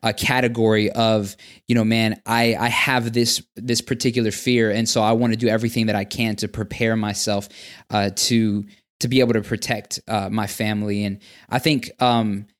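A man, a father, speaking in casual podcast chat, thoughtful and steady, with frequent fillers. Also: on the low side, moderate pace.

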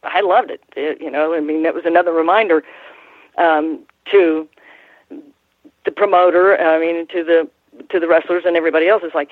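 An older woman, a guest in an interview, telling stories in a rambling, halting way with frequent restarts and laughs. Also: low-pitched, fairly even intonation, dry recording. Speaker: guest, former ring announcer. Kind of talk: casual interview storytelling. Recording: tinny phone line.

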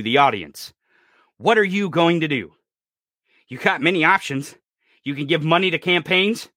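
An enraged man in his thirties from rural America tears into a profane political rant, shouting much of it. His voice sits high and sounds sharp and bright. The recording is dry and close, with no room sound. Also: no echo. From rural United States.

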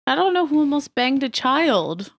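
A woman co-hosting a casual podcast, blunt and quick to exclaim. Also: high voice, very animated, no room sound. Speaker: podcast co-host. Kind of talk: casual chat.

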